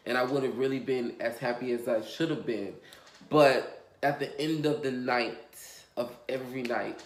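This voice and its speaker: This vlogger's voice sits at a normal middle pitch, echoing around a roomy space. Facing the camera directly, he shares a confessional story that rambles and turns emotional, loaded with filler words and curses.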